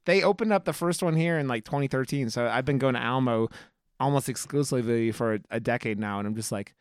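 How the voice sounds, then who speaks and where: Smooth-voiced animated man. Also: medium pitch, quick pace, no room sound, clean studio sound. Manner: animated storyteller, laughs while talking. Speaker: podcast co-host. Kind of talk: casual chat.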